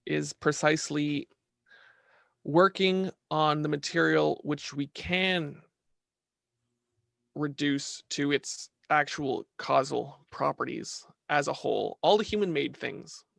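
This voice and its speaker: A man talking as a podcast guest in casual conversation, animated, restarting his sentences and asking "right?" often. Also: fairly high pitch, slow, vocal fry, no room sound.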